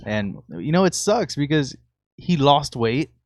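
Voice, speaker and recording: A young man co-hosting a podcast, telling stories in a relaxed, casual chat and laughing easily. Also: a little high, a little slow, dry recording, clean studio sound. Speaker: podcast co-host.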